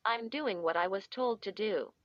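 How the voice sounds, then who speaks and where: A woman's voice: mid-range voice, moderate pace, no echo, muffled recording, natural voice. A woman doing numb, robotic Joan. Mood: flat. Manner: flat, robotic. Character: numb, frightened young woman speaking flatly.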